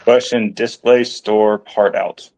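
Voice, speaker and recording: A man's voice: fairly low pitch, steady tone, slow, darkish tone, rough recording. A man chatting as a guest on a livestream, rambling and playful with a lot of hesitation. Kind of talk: casual chat on a livestream.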